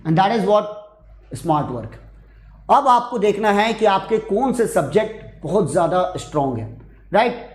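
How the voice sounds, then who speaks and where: A man's voice: high-pitched, very animated, very fast, roomy sound. A man with an Indian English accent teaching an online exam prep lesson, asking rhetorical questions, repeating points and mixing in Hindi. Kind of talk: online lecture.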